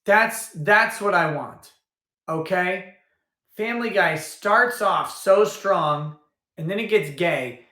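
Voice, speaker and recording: A man's voice: high-pitched, slow, pushed and bright. Rambling man on a roomy livestream. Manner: rambling, thinks aloud with restarts. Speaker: livestream host. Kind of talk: casual livestream chat. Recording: roomy echo.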